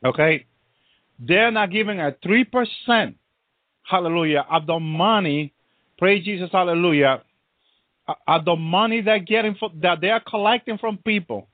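A man's voice: high voice, normal speed, no echo. A man preaching, punctuating nearly every phrase with hallelujah and praise Jesus, repeating himself as he goes. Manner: constant hallelujahs and praise interjections, repetitive. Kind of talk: preaching sermon. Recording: tinny phone-like line, dry.

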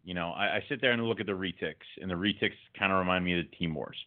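Lively man on a tinny line. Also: fast talker. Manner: animated, laughing storyteller who gets louder and higher when ranting. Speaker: podcast co-host. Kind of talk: casual chat. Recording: phone-like narrow audio.

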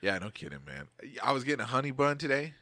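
A man's voice: mid-range voice, sing-song, fast talker, pushed and bright, dry recording. A man hosting a podcast in casual joking chat, laughing often. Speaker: podcast host.

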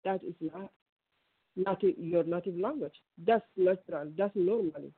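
Halting Ethiopian woman on the phone. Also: on the low side, slightly rough, dry recording. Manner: halting, many restarts and fillers. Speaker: guest caller. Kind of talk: radio call-in interview. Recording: tinny phone line.

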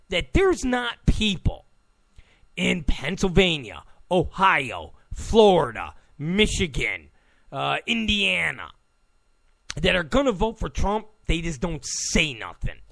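A talk show host in his own voice, rambling bluntly through a monologue with stammered restarts. His voice sits fairly high with a gravelly fry and swings widely in pitch. The sound is close and dry. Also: very animated, slow, a bit bright, no echo. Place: Los Angeles studio.

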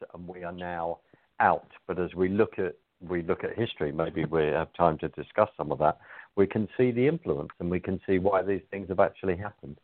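A man's voice: deep voice, no echo. A man, a guest on a political talk radio show, speaking earnestly and searching for his words over the phone. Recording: tinny phone line.

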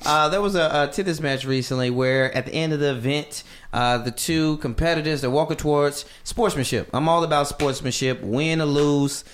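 A man's voice: fairly high pitch, normal speed, few pauses. A man, cohosting a comedy podcast and riffing upbeat on the others. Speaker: podcast co-host. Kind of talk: casual comedic chat.

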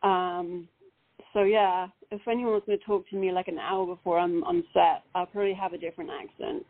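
A woman's voice: on the low side, moderate pace, creaky, no echo. A British woman, an actress, chatting animatedly in an interview, with frequent restarts. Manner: animated, laughing, many restarts. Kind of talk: casual interview chat. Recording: phone-like call audio.

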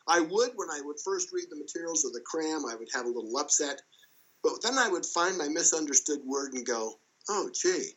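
A man as an interview guest, casually telling a story in a lively way and chuckling as he goes. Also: fairly high pitch, fairly quick, poor audio.

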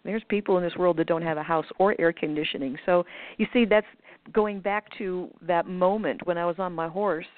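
In a lowish, steady voice at a moderate pace, a woman guest talks about manifestation over a call, and the recording is tinny and dry. Her explanation is long and casual, packed with fillers and restarts, and she occasionally puts on other people's voices.

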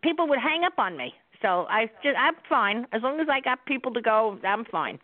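A woman's voice: fairly high pitch, sing-song, normal speed. An older woman, the host's mother, chatting on a call, stammering and repeating herself. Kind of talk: casual chat on a call. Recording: tinny phone line.

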